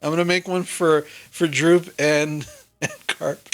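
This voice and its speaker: A woman's voice: low-pitched, steady tone, noisy background. A woman narrating as game master of a tabletop game, casual and laughing often. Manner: laughing, quick, loose narration.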